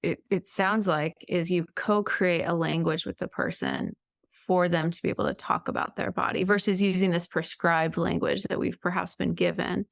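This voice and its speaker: A woman co-hosting a podcast, calmly reflecting back and summing up what her guest said. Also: on the low side, moderate pace, gravelly, no room sound, clean studio sound. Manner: reflective, sums up the guest's point. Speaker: podcast co-host. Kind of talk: casual interview chat.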